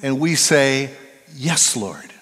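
A man preaching a sermon as pastor, swinging between hushed and loud emphatic delivery. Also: mid-range voice, expressive, slow pace, in a large hall.

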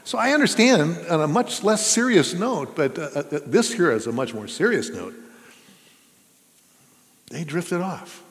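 A man's voice: a little high, expressive, measured pace, pauses often. A man preaching a sermon as pastor, earnest and conversational, asking his listeners questions. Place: church sanctuary. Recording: reverberant church hall.

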